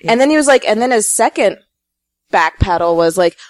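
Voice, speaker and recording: A woman on a casual podcast, telling a dating story in an animated way and laughing often. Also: medium pitch, brisk, dry recording.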